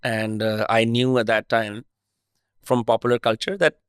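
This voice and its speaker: Man, Indian accent with American twang, smooth clear voice, dry close mic, casual podcast host. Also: mid-range voice, little pitch movement, moderate pace, dry recording. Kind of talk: casual interview chat.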